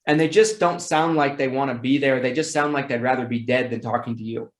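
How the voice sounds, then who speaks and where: A man's voice: mid-range voice, fairly quick, reverberant. A man teaching sales calls in a casual, repetitive way, acting out phone scripts in an upbeat tone. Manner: demonstrates phone scripts with bright, excited tones; casual, repeats words, self-corrects. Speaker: sales trainer. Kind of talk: sales training talk.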